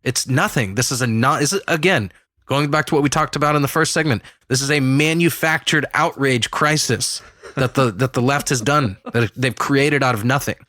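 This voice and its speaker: A man co-hosting a casual political podcast, talking emphatically with quick asides and restarts. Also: medium pitch, sharp tone, no room sound, clean studio sound. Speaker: podcast co-host.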